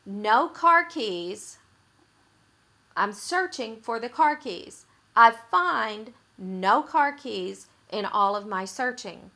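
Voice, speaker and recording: Bright, slow-talking woman writing teacher. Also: a little high. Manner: patient, explanatory, repeats points for emphasis. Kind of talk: explaining grammar rules in a recorded lesson.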